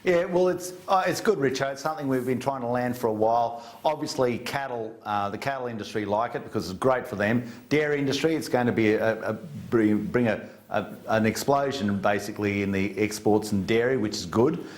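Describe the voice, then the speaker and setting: A man's voice: mid-range voice, brisk, hardly any pauses. Australian male guest, plain-spoken, blunt, mid-range voice. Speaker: government minister as interview guest. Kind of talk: interview down a remote studio link.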